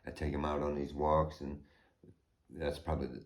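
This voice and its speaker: Very deep-voiced rambling American man. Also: level tone, normal speed. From United States. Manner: rambling, profane, swings from subdued to heated. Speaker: homeowner vlogger. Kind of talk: rambling personal vlog.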